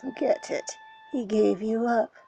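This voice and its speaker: A woman's voice: a little high, measured pace, vocal fry, warm tone, husky, muffled recording, faint music behind, heavily acted. A woman voicing a mocking, sarcastic ghost child in a storybook reading. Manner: sarcastic, taunting.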